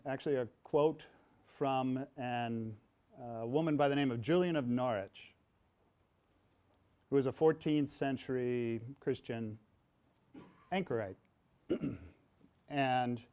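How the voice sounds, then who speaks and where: A man's voice: medium pitch, clean tone. Middle-aged male speaker at a public talk, resonant voice, storytelling manner with humorous touches. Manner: warm storytelling, humorous asides, quotes with rising emphasis. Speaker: author and pastor in conversation. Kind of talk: public talk before an audience. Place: event hall with audience.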